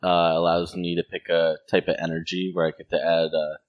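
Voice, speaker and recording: A man with a very low voice talks through his dice rolls and abilities at a tabletop game. He explains rules plainly and at length. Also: level tone, fairly quick, muffled recording. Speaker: player. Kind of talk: casual tabletop game chat.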